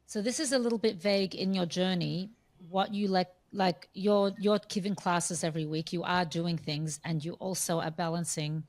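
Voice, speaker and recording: Low-voiced woman co-host, hesitant questions. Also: fairly even intonation, moderate pace, few pauses, darkish tone. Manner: searching, hesitant phrasing. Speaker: podcast co-host. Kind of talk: interview questions.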